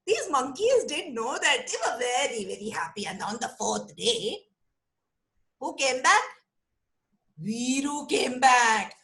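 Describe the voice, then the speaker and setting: A woman with an Indian English accent tells a children's story over a video call. Her high voice swoops about with lots of expression. She speaks slowly and keeps asking the children questions. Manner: animated, asks the children questions.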